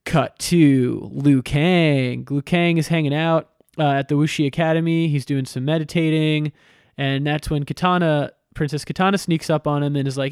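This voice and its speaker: Guy rambling thru a game story, swears a lot, lots of uh and like, voice a bit high. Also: steady tone, moderate pace, darkish tone, smooth, no echo, studio quality. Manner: chatty and irreverent, swearing, many fillers, chuckling. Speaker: video game commentator. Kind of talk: casual story recap.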